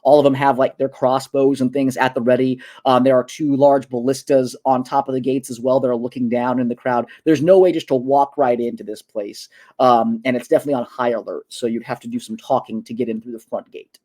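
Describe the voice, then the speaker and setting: A man narrating as game master in an online tabletop game, halting with many fillers and restarts. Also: mid-range voice, steady tone, dark tone. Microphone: online voice call.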